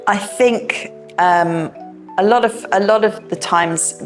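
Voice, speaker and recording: A woman's voice: mid-range voice, slow pace, soft background music. A middle-aged woman talking informally to parents, sharing home stories, with many fillers and restarts. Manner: chatty and warm-hearted, with many fillers and restarts. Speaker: education director speaking to parents. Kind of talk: informal talk to parents, personal anecdotes.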